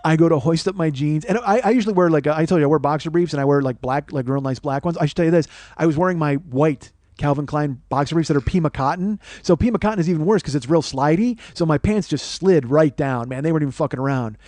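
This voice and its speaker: A man's voice: fairly high pitch, quick pace, hardly any pauses, no echo. Foul-mouthed man spinning a comic story. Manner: profane, animated, self-mocking. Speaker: podcast host. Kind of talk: comedic storytelling monologue.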